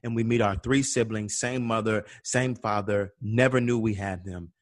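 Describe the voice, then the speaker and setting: A man's voice: fairly low pitch, steady tone, moderate pace, no echo, studio quality. A man from Atlanta telling a personal story in conversation, acting out the voices of the people he quotes. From Atlanta, USA. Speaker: guest.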